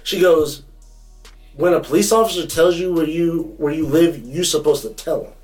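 Young guy podcast cohost ranting and storytelling, kinda high voice, a bit off mic. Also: moderate pace, far from the mic, soft background music, low-quality recording. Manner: animated, profane, acts out quotes. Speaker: podcast co-host. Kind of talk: casual storytelling chat.

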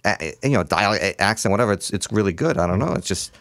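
A man with a lowish voice joins a casual group conversation. He is agreeable and relaxed, often stopping and restarting his sentences. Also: vocal fry. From Boston area. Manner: easygoing, agreeable, halting.

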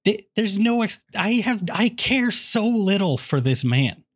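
A man's voice: high-pitched, sing-song, unhurried, slightly rough, dry recording. A man co-hosting a podcast, ranting in a casual, incredulous way about a movie. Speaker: podcast co-host. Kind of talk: casual movie review chat.

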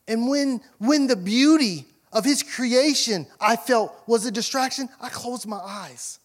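A male pastor preaching in a high, ringing voice. He punches questions at the congregation and then drops to quiet, intimate asides. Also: unhurried, hardly any pauses. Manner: emphatic preaching, rising to loud questions, dropping to soft asides. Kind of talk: sermon.

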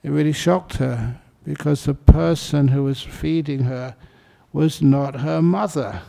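A male meditation teacher gives a dharma talk in a heavily gravelly, fry-laden voice. His tone is dark and mellow, with no edge at all. He tells his stories in an easygoing, anecdotal way, as if chatting with the room. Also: fairly high pitch, unhurried. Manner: relaxed anecdotal storytelling.

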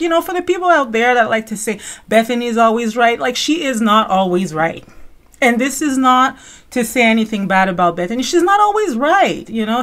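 Woman host, mid-pitched, loose conversational commentary with frequent "you know" asides. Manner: rambling, conversational, lots of fillers and self-corrections. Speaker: podcast host. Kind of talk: casual commentary on reality TV.

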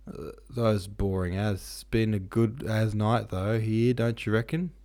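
A man's voice: on the low side, measured pace, darkish tone. A man voicing a sleazy, foppish young nobleman in a storybook reading, with crude, slangy banter.

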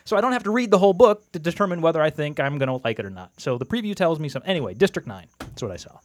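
A man guesting on a podcast, chatting casually and quickly explaining his opinions. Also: a little high, very animated, dry recording, clean studio sound. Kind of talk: casual chat.

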